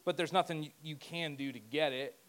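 A man's voice: on the high side, moderate pace, a bit bright. A man preaching a conversational sermon as pastor, joking and talking asides to himself.

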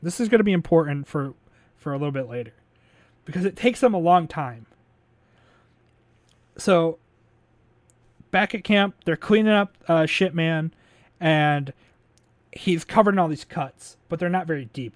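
A man with a slightly higher voice retells a film's plot in a loose, rambling way, full of "like" and "um", now and then swearing and chuckling. The sound is dry and close, with no room around it. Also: moderate pace, pauses often, dry recording. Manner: rambling, filler-heavy retelling with frequent laughs; swears casually. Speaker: podcast host recapping a movie. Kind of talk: casual chat.

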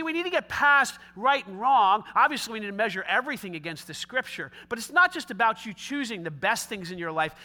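Bright high-voiced male pastor preaching. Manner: dramatic, swinging between loud pleading and hushed quiet; conversational asides with casual slang. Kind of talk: sermon.

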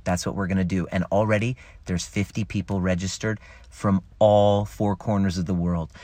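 A man coaching viewers in a casual live stream from home, animated and swearing freely between laughs. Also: low-pitched, moderate pace, no room sound. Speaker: relationship coach. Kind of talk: casual Facebook Live talk.

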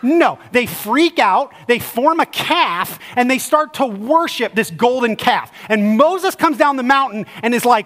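A male pastor preaching a sermon in a church sanctuary, casual and lively, then going slow and low for scripture. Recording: long hall reverb.

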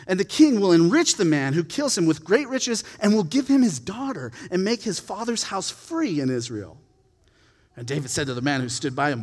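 Man, Bible teacher, slightly high voice, casual chatty retelling, long hall reverb. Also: expressive, brisk. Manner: chatty, laughing asides, lots of "like". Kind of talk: scripture reading and casual commentary.

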